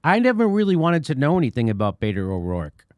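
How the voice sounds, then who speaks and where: A man's voice: on the high side, huge pitch swings, fast, smooth, no echo. A man hosting a political commentary chat, emphatic, hammering his points with repeated rhetorical questions. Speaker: host.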